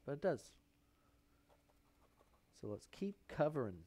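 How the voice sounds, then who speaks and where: Playful slow-talking male painter. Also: fairly high pitch, very animated, dark tone. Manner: playful, muttering to himself, drifts into whispers. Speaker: painter hosting a live painting stream. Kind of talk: live painting demonstration chat. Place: painting studio. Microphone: lavalier microphone.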